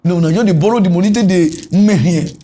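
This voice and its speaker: A man with a Nigerian Pidgin English accent hosting a satirical comedy news show, ranting animatedly and switching between loud outbursts and low mutters. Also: fast talker.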